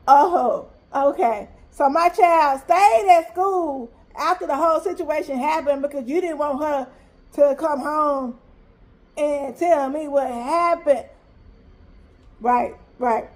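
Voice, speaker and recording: A mother telling a story in an animated, emphatic, exasperated way. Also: high-pitched, a little slow. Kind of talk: storytime vlog.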